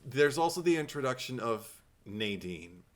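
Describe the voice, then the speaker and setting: A man co-hosting a casual podcast, talking in an animated, playful way and laughing often. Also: medium pitch, moderate pace. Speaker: podcast co-host.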